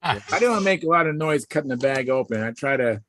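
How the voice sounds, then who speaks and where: A man's voice: medium pitch, lively intonation, brisk, a bit bright. Chatty man hosting a video hangout. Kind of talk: casual video call chat. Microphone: video call.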